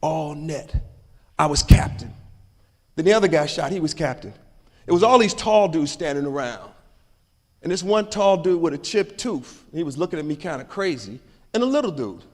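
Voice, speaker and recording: A man giving a motivational speech at a conference, telling stories in a dramatic, animated way. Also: a little high, normal speed. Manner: dramatic, animated storytelling with swings in loudness. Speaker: conference keynote speaker. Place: large conference hall. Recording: long hall reverb.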